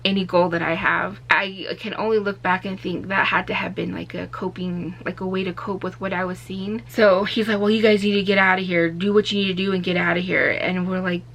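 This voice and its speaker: A young woman vlogger from Arizona telling a story in a casual, animated way, acting out what people said. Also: lowish voice, fairly quick, creaky, few pauses. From Arizona, USA. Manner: animated, acts out quotes with raised voice.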